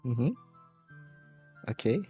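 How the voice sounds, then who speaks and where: A man's voice: extremely slow, dark tone, faint music behind. A man narrating a tabletop game as game master, hesitant, often correcting himself mid-sentence. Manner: hesitant, many restarts and self-corrections.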